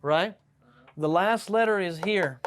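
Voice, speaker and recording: Male teacher, higher register, patient classroom explainer who keeps checking in with "right?". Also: takes it slowly, a bit bright, a little hiss or hum. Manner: explains patiently, checks with "right?", reads Arabic examples aloud. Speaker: Arabic teacher. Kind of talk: classroom lesson. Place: classroom with students.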